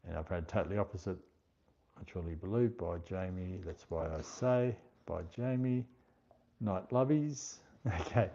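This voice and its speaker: A man's voice: sits low, warm tone. An Australian man hosting a casual livestream, chatting unhurriedly, reading out viewer comments and thanking each viewer by name. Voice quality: unhurried, slower speaking. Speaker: livestream host. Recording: dull lo-fi stream audio.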